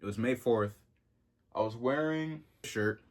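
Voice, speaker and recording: A man in his twenties talking casually in a vlog, slangy and excitable, with sudden jumps in pitch. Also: unhurried. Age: 20s. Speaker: vintage clothing vlogger.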